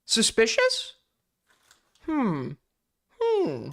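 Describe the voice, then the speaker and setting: A man's voice: very high voice, wildly swooping pitch, drawn-out words, gravelly, a bit bright. A man live-streaming casual commentary as he reacts to videos, blunt and sarcastic, swearing freely.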